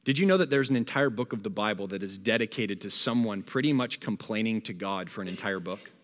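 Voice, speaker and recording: A man preaching a sermon, reading scripture aloud and acting out a grumbler's complaints with lively energy. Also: on the low side, fairly quick, long reverb tail. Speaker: pastor. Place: church hall.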